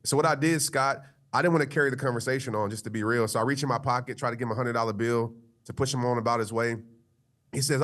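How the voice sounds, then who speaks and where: A man's voice: mid-range voice, steady tone, quick pace, fairly bright tone. A male motivational speaker with a mid-range voice tells a personal story. He talks in an earnest, loose, conversational way, with plenty of fillers as he goes. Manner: earnest, conversational, frequent "you know" fillers.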